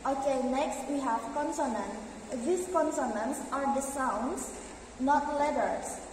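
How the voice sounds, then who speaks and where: A young woman giving a class presentation, explaining slowly and carefully. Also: high voice, slight background noise. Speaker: student presenter. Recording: echoey room from far off.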